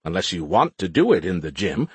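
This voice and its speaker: A man's voice: sits low, sing-song, a little fast, slightly rough, no echo, pitched below the performer's own voice, heavily acted. A man voicing a perky, smug male AI in a beer can, teasing and snarky, for an audiobook. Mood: mocking. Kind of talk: audiobook character voice.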